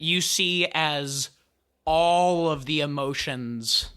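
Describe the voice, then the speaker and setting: Game master, bright sharp tone, measured scene narration. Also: mid-range voice, clean tone. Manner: descriptive, measured.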